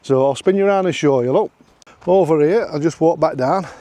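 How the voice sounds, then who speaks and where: A man's voice: on the high side, brisk, dark tone, no room sound. A middle-aged man with a Yorkshire accent, chatting jokily in a casual travel vlog from a campsite, filming himself on a handheld phone and repeating his phrases. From Yorkshire, England. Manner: chatty, jokey, repeats phrases, laughs often. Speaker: vlogger. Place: outdoors at a campsite.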